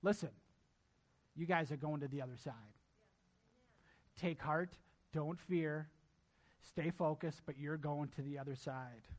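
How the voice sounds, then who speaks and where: A man's voice: a little high, fairly even intonation, unhurried, long pauses. A male pastor preaching a sermon emphatically, repeating key lines and addressing his congregation directly.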